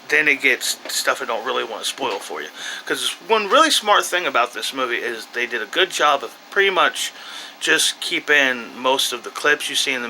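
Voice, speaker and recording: A man's voice: medium pitch, pushed and bright, a little hiss or hum, low-quality recording. A man giving a casual, off-the-cuff movie review in a rambling way, with frequent restarts and asides.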